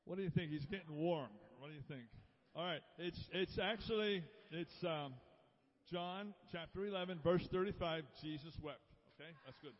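A man with a fairly high voice leads a playful Bible quiz for a church crowd, teasing people over their answers. He sounds far off in a long-echoing hall, and the live recording is dull. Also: normal speed.

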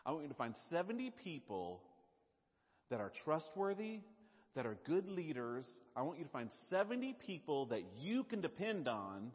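A man voicing a calm, commanding God. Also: fairly high pitch, normal speed. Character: calm, commanding male deity. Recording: dull lo-fi sound, long hall reverb.

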